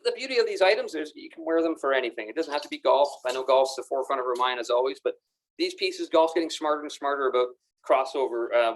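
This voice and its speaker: A man presenting golf apparel on camera in a pro shop, enthusiastic and chatty, often repeating his words as he goes. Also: fairly high pitch. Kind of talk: casual product demonstration to camera. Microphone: camera mic, moves around the room.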